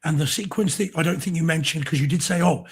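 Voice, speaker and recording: A man with a husky, slightly raised voice that is going hoarse, co-hosting a relaxed chat about home theater. He gushes with enthusiasm about movies and picture quality, and often stops to restart a sentence. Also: on the high side, fast. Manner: enthusiastic, effusive. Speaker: co-host.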